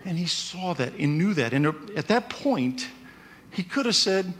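A man's voice: sits high, very animated, a little slow, fairly bright tone, slight background noise. A man preaching a conversational sermon, often checking in with "right?". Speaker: pastor.

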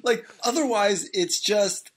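A podcast co-host from Boston in casual chat, animated and quick to laugh. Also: male voice, high voice. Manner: animated, laughs often, trails into asides.

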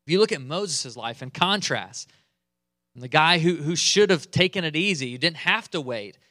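A male pastor preaching a sermon in a conversational, animated way. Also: fairly high pitch, normal speed, no echo, studio quality. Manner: conversational, animated, chuckles often.

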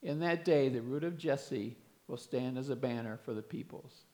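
A man's voice: mid-range voice, normal speed, dark tone. A man preaching a sermon, earnestly explaining and reading scripture aloud with emphasis.

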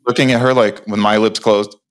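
Lowish-voiced man telling a story. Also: fairly quick. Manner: animated storyteller, many restarts, acts out others' lines. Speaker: podcast guest. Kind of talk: casual storytelling interview.

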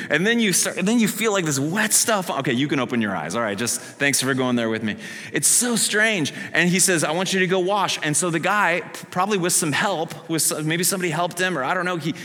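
Animated preacher in a reverberant hall. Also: male voice, on the high side. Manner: animated, acts out the story in character voices. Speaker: pastor. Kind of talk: sermon. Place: church sanctuary.

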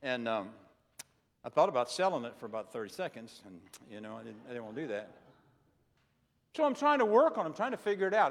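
A man's voice: high-pitched, sing-song, quick pace. Older male preacher in a reverberant hall. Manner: earnest storytelling with repeated words. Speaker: retired pastor preaching. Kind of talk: sermon with personal anecdotes. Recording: long reverb of a large hall.

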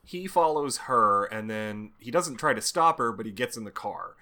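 A man's voice: mid-range voice, animated, normal speed, bright, forceful tone. A man co-hosting a podcast, casually retelling a comic scene, acting out the lines and laughing as he goes. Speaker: podcast co-host. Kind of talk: casual chat.

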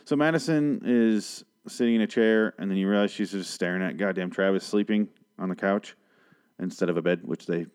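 Guy hosting a tv review, kinda low voice, swears a lot, sarcastic and rambly. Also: brisk, a little mellow, clear, resonant tone. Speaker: host of a TV review show. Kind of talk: casual episode review.

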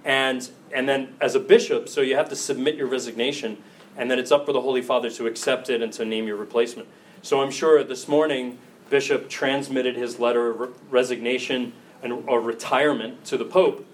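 A priest in his forties giving a casual, animated talk to college students, with frequent jokes and laughter. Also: mid-range voice, brisk, recorded from a distance, slight background noise. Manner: animated, jokey, laughing asides. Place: campus ministry gathering.

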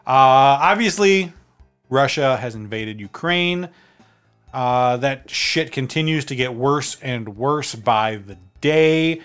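A man's voice: medium pitch, lively intonation, slow, fairly bright tone, clean tone, faint music behind. A man co-hosting a casual podcast, chatty, laughing often and using many fillers. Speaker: podcast co-host.

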